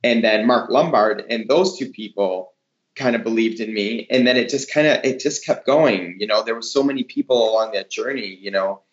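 A man's voice: lowish voice, normal speed. Upbeat man in a roomy, dull recording. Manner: enthusiastic, animated storytelling. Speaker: hairdresser and educator guest. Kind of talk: casual interview talk. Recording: roomy, slightly dull sound.

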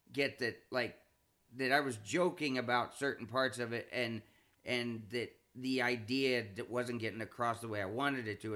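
A male comedian talks in a bright, forceful voice of middling pitch. He keeps restarting his sentences and repeating words, and his voice springs higher whenever he gets excited. The tone stays casual, like a podcast chat. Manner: animated, jumps in pitch when excited. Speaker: comedian and show creator.

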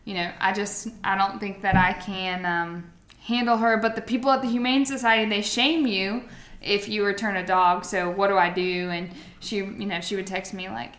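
A woman's voice: medium pitch, steady tone, normal speed, a bit bright. Woman in her 30s telling dog stories, roomy echo. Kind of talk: casual chat. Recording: echoey room.

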